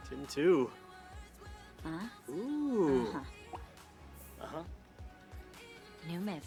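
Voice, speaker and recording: A woman's voice: sits low, big pitch swings, drawn-out words, dark tone, faint music behind, full character voice. A woman voicing life-sim game characters who murmur in made-up gibberish.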